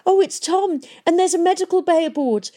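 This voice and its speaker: A woman's voice: a little high, animated, moderate pace, mellow, slightly rough, voice pushed up. A woman voicing a fierce, blunt young woman who calls out urgently.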